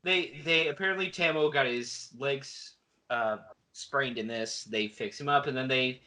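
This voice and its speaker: A man's voice: mid-range voice, measured pace, bright, forceful tone. A man co-hosting a podcast, recapping a book casually and tossing in dry jokey asides. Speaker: podcast co-host. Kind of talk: casual book discussion chat.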